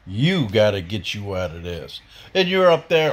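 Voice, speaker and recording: A man's voice: on the low side, very animated, moderate pace. A man delivering a blunt, profane, heated opinion rant as a podcast host.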